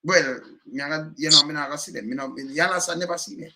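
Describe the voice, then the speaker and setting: A man's voice: on the high side, fast, bright, forceful tone. A Jamaican man giving heated, emphatic commentary in patois, repeating himself and cursing often.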